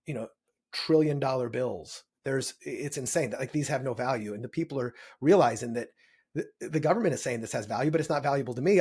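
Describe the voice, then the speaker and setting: A man speaking as a podcast guest, explaining things with energy and emphasis. His voice is husky and a little breathy, pitched in an ordinary middle range. He keeps pulling the listener along with quick "right?" check-ins. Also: a little mellow. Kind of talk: explanatory interview talk.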